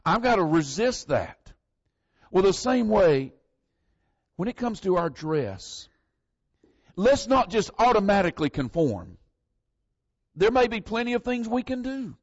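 The audio is dull and echo-free as a high-pitched man preaches. He is from northern Florida, speaks with a Southern accent, and keeps his sermon folksy and conversational while relying heavily on Bible verses.

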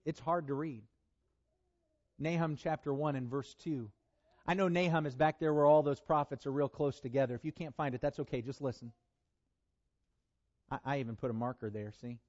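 A man preaching a sermon, reading scripture aloud in a deliberate, emphatic way. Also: on the high side, highs cut off.

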